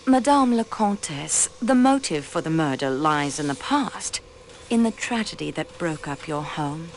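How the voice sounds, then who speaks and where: A woman's voice: low voice, expressive, unhurried, a little hiss or hum, rough recording. A woman voicing a railway clerk turned detective, who questions suspects politely but pointedly and uses French courtesies, in a video game.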